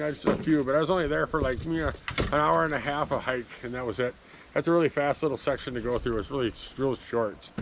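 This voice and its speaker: A man's voice: fairly high pitch, a little hiss or hum, rough recording. A man sitting in his parked truck, rambling through an easygoing, casual vlog outro. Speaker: fishing vlogger.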